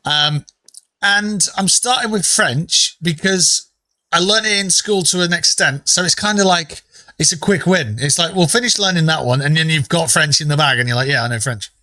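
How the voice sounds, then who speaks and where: Bright-voiced man rambling on stream. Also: fairly high pitch, normal speed, no echo. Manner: rambling, joking, swears casually. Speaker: game streamer. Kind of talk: casual live-stream chat while gaming.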